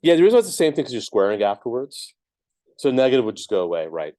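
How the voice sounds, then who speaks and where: A man's voice: medium pitch, very animated, quick pace, warm tone, no echo. A man teaching a math class, explaining each step casually with lots of ums and checks of "right?". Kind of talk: classroom lecture.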